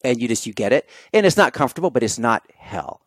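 A man's voice: mid-range voice, very animated, fast talker, no room sound. A man, a podcast guest, talking casually and telling stories with animation, acting out his own quoted thoughts. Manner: loose and conversational, many fillers. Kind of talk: casual conversation.

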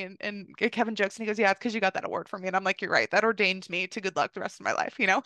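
A young woman hosts a podcast with a slightly high voice, talking fast on a dry recording. She chats casually through a story, saying "like" constantly and quoting the people in it with lively voices.

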